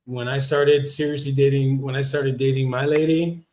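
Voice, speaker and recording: A man's voice: mid-range voice, level tone, moderate pace, a little mellow. A man hosting a casual livestream Q&A, reading viewer comments aloud and answering in a slangy, laid-back way. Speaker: livestream host.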